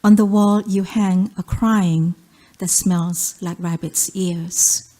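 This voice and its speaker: A woman from South Korea with a Korean accent, reading her poetry aloud in a measured, rhythmic recitation. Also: lowish voice, fairly even intonation, dark tone. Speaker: poet.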